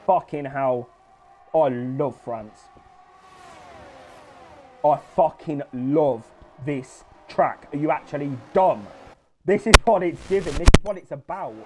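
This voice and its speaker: High-voiced sweary race commentator. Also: male voice, a little hiss or hum. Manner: sweary, frantic, shouting at crashes. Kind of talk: excitable sim racing commentary.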